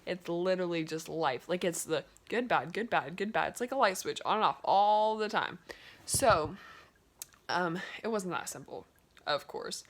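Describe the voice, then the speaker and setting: A woman's voice: lowish voice, moderate pace. A young woman casually retelling a story, chatty and peppered with "like" and "um". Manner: chatty, full of "like" and "um".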